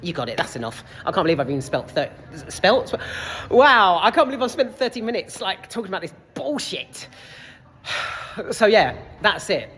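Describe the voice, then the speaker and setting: This young man, a film reviewer, has a high-pitched, sing-song voice with a breathy edge and fairly bright tone, speaking at a moderate pace. He rants casually and sweary about a movie and the heat, exasperated and rambling, in a reverberant cinema foyer with faint background noise.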